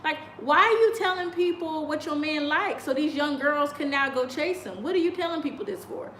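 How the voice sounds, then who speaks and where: Sassy woman host with a high, bright voice, in an echoey room with faint noise behind her. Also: normal speed. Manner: chatty and sassy, laughs often. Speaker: vlogger. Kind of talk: casual commentary. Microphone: video call on a choppy connection.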